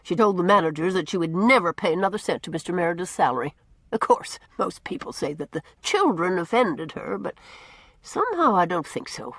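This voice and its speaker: A woman voicing a brisk, outspoken older village woman with blunt, gossipy opinions. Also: lowish voice, big pitch swings, a bit bright, dry recording, heavily acted.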